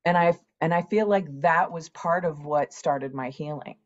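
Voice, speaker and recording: A woman's voice: sits low, normal speed, dull audio. A woman in her sixties, a podcast guest telling her own story candidly and animatedly, acting out past conversations. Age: 60s. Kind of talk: candid personal interview.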